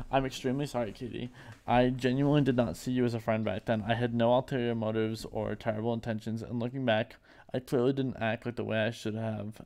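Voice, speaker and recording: A man reading a prepared apology aloud in a subdued, halting, remorseful way. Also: mid-range voice, darkish tone. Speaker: streamer reading a public apology.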